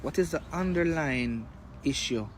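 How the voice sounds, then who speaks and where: A man's voice: a little high, animated, a little slow, rough recording. A man ranting casually and sounding exasperated, asking questions outdoors. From Jamaica. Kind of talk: casual social media rant. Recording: loud street and vehicle noise.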